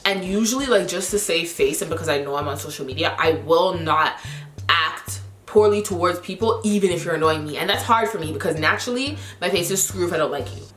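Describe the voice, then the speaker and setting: Lady vlogging, chatty and animated, lots of "like", echoey room w/ some quiet music. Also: lowish voice, fairly quick. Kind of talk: casual storytelling to camera.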